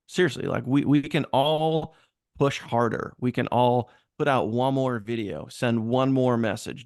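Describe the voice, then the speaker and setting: A man's voice: medium pitch, vocal fry, darkish tone, no echo, clean studio sound. A man hosting a casual, filler-heavy motivational talk about working harder in business. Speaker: host.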